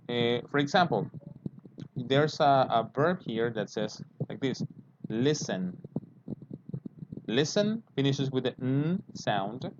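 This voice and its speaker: Slow, patient male English teacher. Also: medium pitch. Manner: patient, repeats words slowly and checks understanding with "okay?". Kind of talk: online language lesson. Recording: dull lo-fi with clear background noise.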